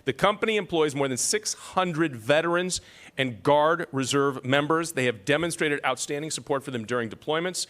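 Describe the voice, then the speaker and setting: A man's voice: fairly high pitch, normal speed, fairly bright tone. A man emceeing an awards ceremony, reading citations with self-deprecating joking asides.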